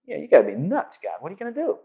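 A man's voice: fairly high pitch, wildly swooping pitch, rapid-fire, vocal fry, warm tone, muffled recording, full character voice. A man voicing a panicked male prophet who pleads frantically with God.

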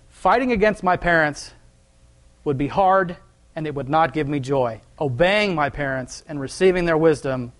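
A young adult man preaching a sermon in a conversational, folksy way. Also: a little high.

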